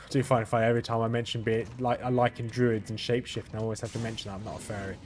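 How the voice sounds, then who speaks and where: A man talking over his own gameplay in a flat, monotone way, drifting from thought to thought and restarting sentences. His pitch sits in a middle range. A faint hiss of noise runs under the voice. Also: racing. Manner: rambling, self-correcting, chuckles to himself. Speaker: gaming video host. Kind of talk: casual gameplay commentary.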